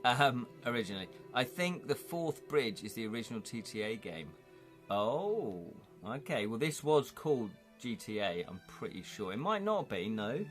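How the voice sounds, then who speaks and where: A man's voice: mid-range voice, very animated, moderate pace, soft background music. A man hosting a live-streamed interactive gamebook, chatty and rambling as he reads chat comments aloud and asks viewers to vote.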